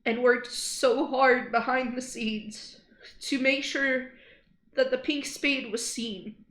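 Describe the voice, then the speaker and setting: Young woman streamer, high voice, slow and halting, upset and angry, in an echoey room. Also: fairly even intonation, fairly bright tone. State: shaken after crying. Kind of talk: emotional livestream address. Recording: roomy echo.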